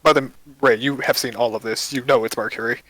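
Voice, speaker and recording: A man's voice: mid-range voice, steady tone, fairly quick, fairly bright tone, rough recording. A man narrating as game master of a tabletop game, casual and rambling with fillers.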